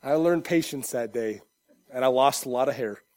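A young adult male pastor preaching a sermon, animated, swinging from loud, shouted lines to quiet, joking asides. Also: medium pitch, normal speed.

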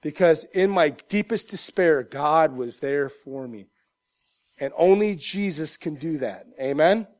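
High-voiced man preaching a sermon. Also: expressive, a little slow. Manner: emphatic, conversational preaching with frequent 'Amen?' asides; acts out loud shouted voices for humor. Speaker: pastor. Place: church.

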